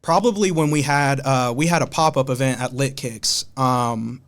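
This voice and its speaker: A man from Ohio, a podcast guest, telling stories in a relaxed, slangy way. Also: mid-range voice, moderate pace. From Columbus, Ohio. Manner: laid-back, slangy storytelling. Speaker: podcast guest, hat designer. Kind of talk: casual conversation.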